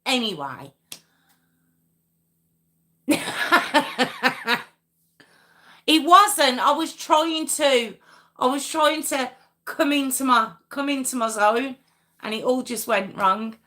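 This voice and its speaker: A woman hosts a live true crime stream from home, speaking into a webcam mic. Her voice is bright and forward, and she talks at an unhurried pace. She chats with viewers, giggles often and reads their comments aloud. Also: high-pitched. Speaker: true crime livestream host. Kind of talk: casual live chat with viewers.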